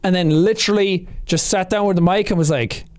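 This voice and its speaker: An Irish man reacting to his own old gaming videos in casual commentary, animated with loud playful outbursts. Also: high-pitched, brisk, clean tone.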